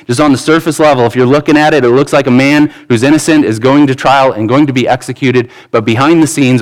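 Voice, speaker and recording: A man preaching a sermon, acting out scripture quotes with animated shifts and frequent restarts. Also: mid-range voice. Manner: speech with frequent restarts and repeated words. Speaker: pastor.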